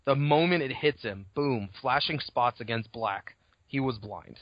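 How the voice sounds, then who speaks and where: Animated, swearing man on a lo-fi podcast. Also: mid-range voice, a little slow, no room sound. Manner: animated, swears freely, acts out scenes. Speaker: podcast co-host. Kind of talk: casual book discussion. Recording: dull lo-fi podcast audio.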